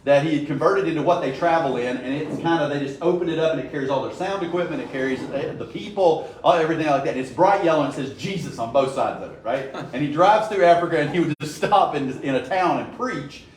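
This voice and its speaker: A man with a slightly higher voice teaches a Bible study in a loose, storytelling way, often asking his listeners "right?" He sounds heavily echoed and some distance from the microphone, as in a bare church room, with a faint hum of room noise behind him. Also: quick pace, hardly any pauses. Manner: storytelling, frequent "right?" check-ins.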